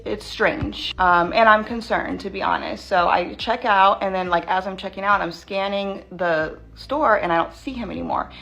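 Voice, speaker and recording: A woman in a storytime vlog, shaken and tense, rushing through her retelling with lots of "like". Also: medium pitch, creaky, fairly bright tone, rough recording. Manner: tense, rushed retelling full of "like". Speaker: vlogger.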